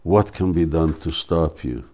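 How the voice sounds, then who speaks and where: A man's voice: a bass voice, unhurried, dark tone. A man reading the lines of a cruel old woman in a play, harsh and scolding. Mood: furious.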